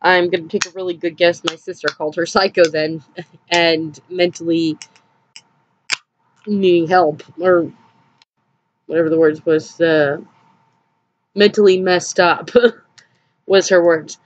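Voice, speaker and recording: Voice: medium pitch, flat delivery, a little slow, long pauses, a little hiss or hum. Upset vlogger venting in a dull recording. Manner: rambling, hesitant, with nervous laughs. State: upset and drained. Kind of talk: personal storytelling vlog.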